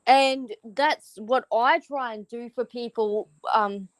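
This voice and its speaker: A woman's voice: on the high side, takes it slowly, no room sound, poor audio. A woman with an Australian accent chatting casually on a livestream, frank and rambling, swearing freely.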